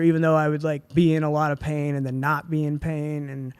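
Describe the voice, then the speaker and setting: Man in his 20s, podcast guest, slightly high voice, relaxed chatty storyteller, dry close mic. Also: fast talker, clean tone, no room sound. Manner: laid-back, heavy on "like" and "dude". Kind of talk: casual storytelling.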